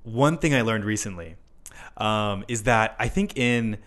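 A young American man, an English teacher, chatting casually on a podcast, relaxed and quick to laugh. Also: fairly low pitch. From United States.

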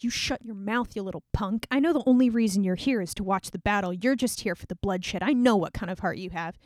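A woman doing a contemptuous older brother soldier who snaps at his sibling in quick, scornful bursts. He is harsh and dismissive, delivered in a storytelling retelling. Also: medium pitch, a little mellow, dry recording, clean studio sound, lightly acted. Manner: snapping, contemptuous.

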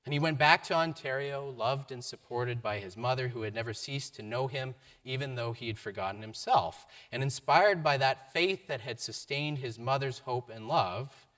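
A man giving a sermon, telling a story with varied emphasis and a mid-pitched voice. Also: moderate pace, few pauses, a bit bright. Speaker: preacher.

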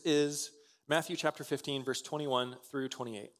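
A man preaching a sermon in a conversational way, with frequent restarts and quick "right?" asides. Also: medium pitch, steady tone, fairly bright tone. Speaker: pastor.

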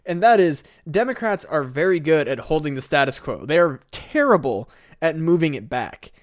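A man's voice: a little high, moderate pace, no echo, studio quality. A man co-hosting a casual podcast a few beers in, rambling and swearing through a heated rant. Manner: rambling, profane, animated rant. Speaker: podcast co-host. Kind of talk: casual chat.

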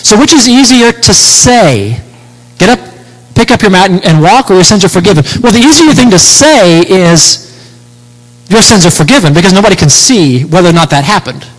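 A man preaching a sermon, expounding scripture with rhetorical questions and slowing down to stress key words. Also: high voice, animated. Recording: long hall reverb.

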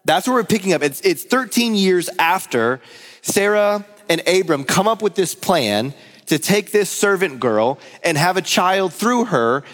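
A man's voice: sits high, a little slow. A man in his thirties, a pastor giving a conversational sermon to his church and telling stories. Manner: storytelling, lively and conversational. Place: church hall. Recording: long hall reverb.

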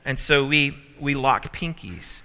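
A man's voice: medium pitch, lively intonation, slow pace, pushed and bright. A man preaching a sermon as pastor, telling a family story with humor and building emphasis. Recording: reverberant hall.

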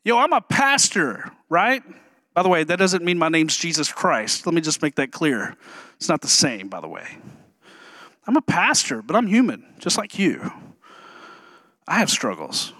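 A man pastor preaching a sermon in a lively, humorous way, joking with the congregation between points. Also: fairly high pitch, moderate pace, pauses often, no room sound.

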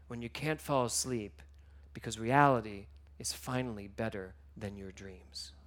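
Man, minister, sermon, emotional storytelling, hushed to loud swings. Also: medium pitch.

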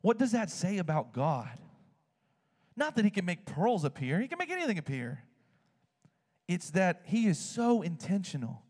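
A man preaching a sermon, telling a story with animated swings in his voice. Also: normal speed, long pauses, husky, long reverb tail. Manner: animated storytelling, swings high when excited.

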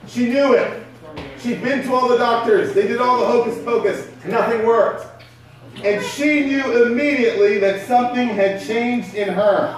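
Preacher with a high voice in an echoey hall. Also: male voice, far from the mic. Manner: conversational preaching with rhetorical questions. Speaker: pastor. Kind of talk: sermon.

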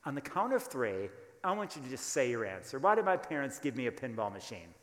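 A man's voice: medium pitch, big pitch swings, fairly quick. Emphatic preacher man in an echoey hall. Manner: emphatic, rhetorical questions, asks the congregation to answer. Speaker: pastor. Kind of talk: sermon.

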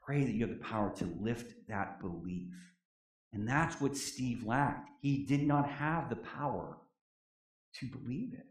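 A man preaching a sermon as a prison chaplain, moving between loud declarations and soft, quiet drops, in a church. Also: mid-range voice, animated, unhurried. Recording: echoey room.

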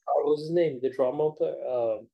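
A man's voice: a little high, moderate pace, narrow, tinny audio. A man co-hosting a casual chat over a video call, blunt and swearing as he rambles. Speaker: podcast co-host.

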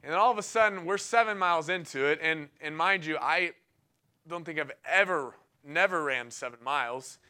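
Young male preacher, casual and excitable, clear bright voice, laughs a lot mid-story. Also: a little high, moderate pace. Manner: casual and enthusiastic, laughing often between phrases. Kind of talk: sermon with personal storytelling.

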